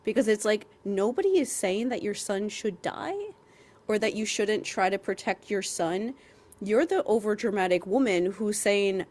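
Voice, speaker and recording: A woman's voice: medium pitch, moderate pace, a little mellow. A woman co-hosting a casual podcast, ranting animatedly and with exasperation about a book character. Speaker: podcast co-host.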